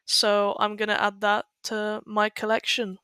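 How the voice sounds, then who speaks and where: Bright, even-toned young woman. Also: medium pitch, a little slow, smooth, no echo. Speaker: podcast co-host. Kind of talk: casual chat.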